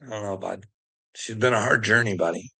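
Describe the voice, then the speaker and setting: A man's voice: fairly low pitch, brisk, creaky, bright, forceful tone, husky. A man delivering a profane, confrontational rant at someone, laughing between jabs. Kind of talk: ranting monologue to camera.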